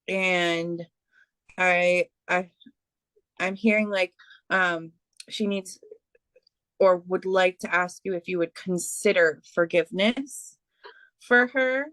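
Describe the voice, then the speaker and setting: A woman giving a spiritual reading as a medium, speaking haltingly with many fillers and restarts. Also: on the low side, fairly bright tone, dry recording. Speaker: psychic medium.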